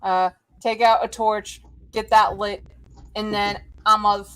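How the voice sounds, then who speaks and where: A woman playing a tabletop game, expressive and playfully complaining, swearing freely. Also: mid-range voice, slow, clean tone. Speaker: player.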